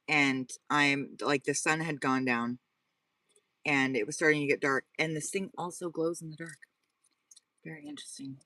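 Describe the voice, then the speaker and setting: Heard through a distant, very noisy mic, this slightly high male voice belongs to a vlogger who lives in his car. He's streaming from it at night, rambling through casual chat with viewers and repeating himself as he reads the live chat.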